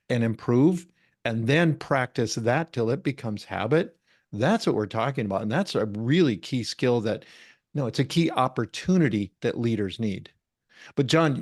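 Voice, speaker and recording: Male co-host, steady explainer, dry close sound. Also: mid-range voice, dry recording. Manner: measured, explanatory, builds points step by step. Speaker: podcast co-host. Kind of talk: conversational discussion.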